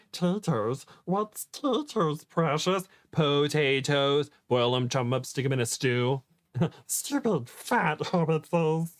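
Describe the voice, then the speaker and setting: A man doing an impression of Smeagol, a wheedling, spiteful creature, with a drawn-out, giggling delivery. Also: a little high, lively intonation, no echo, studio quality, pitched above the performer's own voice. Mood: sly, mocking.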